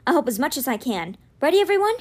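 Lady doing a brave young wizard boy, high and urgent, storybook. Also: sing-song, fast talker. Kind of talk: reading a children's novel aloud.

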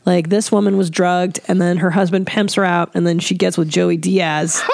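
Gravelly-voiced woman on a podcast, dry close mic, quizzing her partner half teasing. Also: fairly low pitch, darkish tone, no echo. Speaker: podcast co-host. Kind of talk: casual chat.

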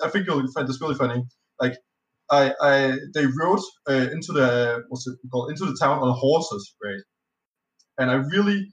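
A native Danish speaker appears as a podcast guest, casually rambling through a tabletop game story full of fillers, restarts and swearing. His mid-range voice is a bit bright. He sounds slightly off-mic, with a roomy echo around him.

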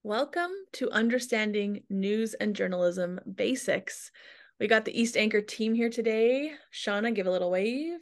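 A woman's voice: mid-range voice, normal speed. A woman hosting a podcast in a casual, chatty way, joking at her own expense. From Alberta, Canada. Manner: chatty, self-deprecating, emotional at times. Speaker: podcast host.

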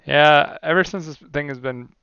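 A man with a gravelly, bright voice talks through a card game list in a rambling, animated way and laughs often. The sound is dry and a little muffled, as if from a lo-fi mic. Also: fairly high pitch, moderate pace, no room sound. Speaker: podcast co-host. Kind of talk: casual card game discussion.

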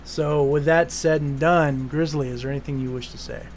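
Guy hosting a podcast, kinda high voice, rambly and sweary, faint hiss behind. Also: steady tone, normal speed. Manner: rambling, swears casually, many restarts. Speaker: podcast host. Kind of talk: casual podcast chat.

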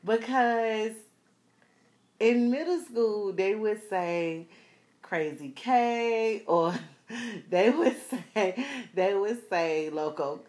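A woman's voice: mid-range voice, drawn-out words. A woman in her thirties from South Florida, telling a personal story casually to viewers, with lots of laughter and slang. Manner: animated, laughs often, slangy, addresses viewers.

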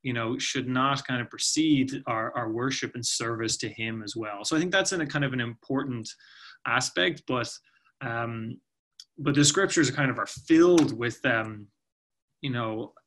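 A man's voice: mid-range voice, unhurried, a bit bright. A man who works for a nonprofit ministry, a guest on a podcast, explaining scripture thoughtfully, with many restarts and "you know"s. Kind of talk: podcast interview answer.

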